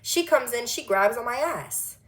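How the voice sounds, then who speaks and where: A woman of twenty telling a storytime monologue, animated and blunt, swearing freely and firing off rhetorical questions. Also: on the high side, measured pace. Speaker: vlogger.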